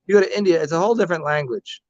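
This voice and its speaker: A man's voice: a little high, very fast, darkish tone, no echo. An American man casually chatting on a livestream, profane and joking, rambling with lots of restarts. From United States. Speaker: livestream host reading chat. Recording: dry, dull lo-fi stream audio.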